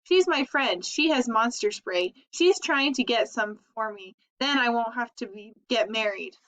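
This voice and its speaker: A woman's voice: on the high side, lively intonation, a little slow, a bit bright. Woman doing a chattering little boy. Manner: chattering, eager. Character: small excitable boy who can't stop blabbing. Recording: dull lo-fi recording.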